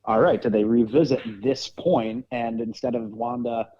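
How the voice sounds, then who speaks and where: A man's voice: mid-range voice, steady tone, moderate pace. Man speculating at length, dull sound. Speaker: podcast co-host. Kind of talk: casual review chat.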